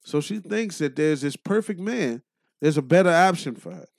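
A man's voice: fairly high pitch, lively intonation, dry recording, studio quality. A man co-hosting a podcast, talking bluntly and emphatically in casual debate. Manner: emphatic, blunt, quick to agree. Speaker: podcast co-host. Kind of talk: casual chat.

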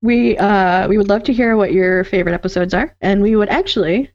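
A woman's voice: mid-range voice, brisk, a little mellow, dry recording, muffled recording. A woman co-hosting a fan podcast, gushing and enthusiastic in casual chat. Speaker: podcast co-host.

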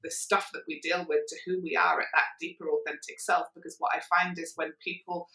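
A woman's voice: fairly low pitch, flat delivery, brisk, vocal fry, sharp tone, echoey room, rough recording. A woman, a sobriety coach talking frankly and earnestly as a podcast guest. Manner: earnest, forthright, plain-spoken. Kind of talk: casual podcast conversation. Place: lives in Perth, Australia.

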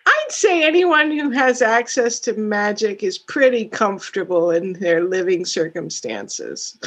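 A woman's voice: medium pitch, very animated, a little slow, fairly bright tone. Articulate woman teacher hosting chat. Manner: articulate, explains clearly, teasing. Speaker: English teacher and host. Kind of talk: casual conversation.

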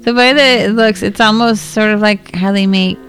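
Woman co-host for a movie reaction, chatty and mid-pitched. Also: fairly even intonation, fairly bright tone, faint music behind. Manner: chatty, quick to laugh and complain. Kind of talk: casual watch-along chat.

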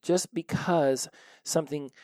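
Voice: mid-range voice, fairly even intonation, a little slow, a little mellow, no room sound. A podcast host speaking in an emphatic monologue, with rhetorical questions and casual swearing. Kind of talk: solo recovery podcast monologue.

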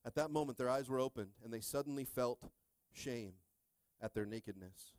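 A middle-aged male pastor preaching a sermon with animated call-and-response, shifting between hushed talk and shouts. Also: mid-range voice, normal speed, no room sound.

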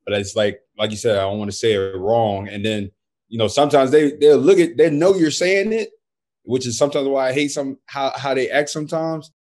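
A man's voice: mid-range voice, a little fast, a little mellow. Laid-back American man, slangy and joking. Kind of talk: casual chat.

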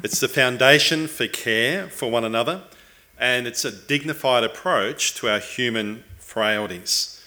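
A man giving measured, explanatory sermon teaching as a preacher. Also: mid-range voice, sharp tone.

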